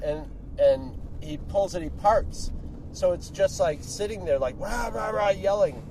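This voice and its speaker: A man's voice: high voice, lively intonation, unhurried. Crude joking man in a noisy car. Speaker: podcast co-host. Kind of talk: casual chat recorded in a car. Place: inside a moving car. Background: car and street noise.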